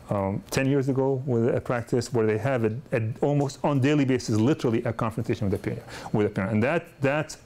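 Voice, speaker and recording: A man's voice: mid-range voice, darkish tone. A middle-aged man lectures other dentists in a loose, conversational way. He often restarts his sentences and repeats words as he tells stories from his practice. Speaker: pediatric dentist teaching a course. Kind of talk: lecture with personal anecdotes.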